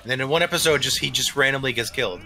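A man with a very bright, sharp tone, talking in loose, rambling casual chat. He circles back on himself and leans on "like" as he goes. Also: mid-range voice, racing, slight background noise. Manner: rambling, many restarts and "like". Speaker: let's play commentator.

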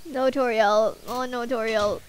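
Excitable young woman reacting to a game. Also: on the high side, unhurried, slight background noise. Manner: excitable, emotional, shouting at characters. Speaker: gaming video host. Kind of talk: let's play commentary.

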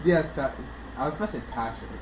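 A man cracking quick jokes while his friends play a horror game, in an echoey room with noise. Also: a little high, far from the mic, over music. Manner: wisecracking, quick comments.

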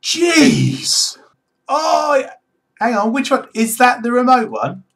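A British man chatting casually with strangers on a video call, excitable and exclamatory. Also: extremely high pitch, slow pace, vocal fry. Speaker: video chat host.

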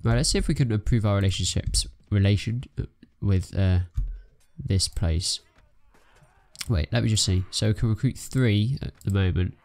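Young guy, gravelly, low-ish, chatty let's-play commentary with keyboard clicks behind. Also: normal speed. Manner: chatty, self-narrating, excitable bursts. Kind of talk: casual gameplay commentary.

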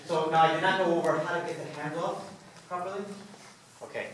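A man's voice: a little high, fairly even intonation, brisk. Man, salsa instructor, counting beats, casual explanations, very echoey studio, distant camera. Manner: counts steps aloud while demonstrating, loose and casual. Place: dance studio, indoors.

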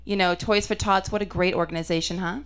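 A young woman performing a stand-up comedy set, chatty and self-mocking, with punchy delivery and quick asides. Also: fairly low pitch, steady tone, background noise.

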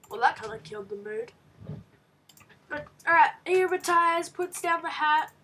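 Woman gamer, high voice, unhurried delivery, slightly off-mic; excitable let's-play commentary. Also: far from the mic. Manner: excitable, reads game text aloud with reactions. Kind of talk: casual game commentary.

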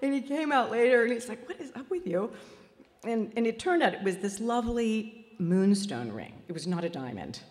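A spiritual healer recounts a personal story at a festival, poking fun at herself warmly and laughing along the way. Fairly high and very animated, she talks fairly quickly with hardly any pauses in a big-room acoustic.

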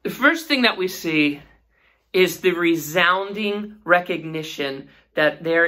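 A woman's voice: on the low side, expressive, slow pace, bright, forceful tone. A woman teaching a Sunday school Bible lesson in an earnest way, asking her listeners questions.

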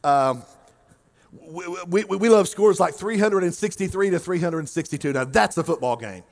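A man from Oklahoma, the lead pastor, preaching a sermon with jokes and lively swings between loud and quiet. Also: sits high, creaky. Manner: animated, joking, swings between loud and quiet, drawn-out emphasis.

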